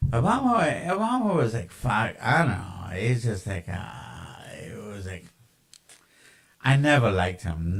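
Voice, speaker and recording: A man's voice: medium pitch, huge pitch swings, a little slow, slightly rough, low-quality recording. A man ranting in a casual, rambling monologue, with lots of profanity, fillers and tangents.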